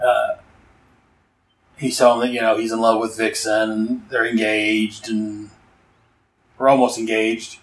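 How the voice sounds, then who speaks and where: A man's voice: mid-range voice, fairly bright tone, echoey room, low-quality recording. A man giving a casual, rambling recap of a comic book issue, full of fillers and enthusiastic asides.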